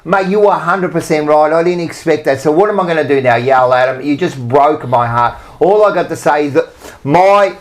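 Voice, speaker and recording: A man's voice: fairly high pitch, a little fast. An Australian man co-hosting a podcast, ranting emphatically with swearing and rambling asides. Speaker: podcast co-host. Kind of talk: heated casual rant.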